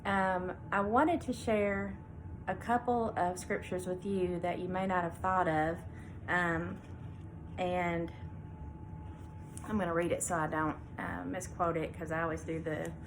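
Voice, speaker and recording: A woman's voice: fairly low pitch, flat delivery, measured pace, noisy background. Woman veterinarian hosting a faith talk. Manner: conversational with fillers, reads scripture aloud. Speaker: veterinarian and show host. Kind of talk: casual devotional talk.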